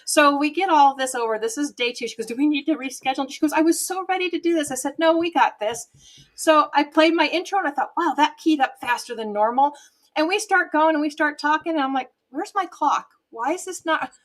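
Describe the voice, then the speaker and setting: A woman guest on an interview show, telling lively stories, often laughing and acting out quoted dialogue, heard through a webcam microphone. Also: high-pitched, fast. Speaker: guest, TV show host and business owner. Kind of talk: casual interview storytelling.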